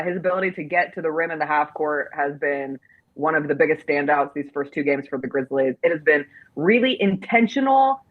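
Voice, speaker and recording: A woman's voice: lowish voice, no room sound, phone-quality sound. A woman hosting a sports talk show, speaking emphatically with playful indignation.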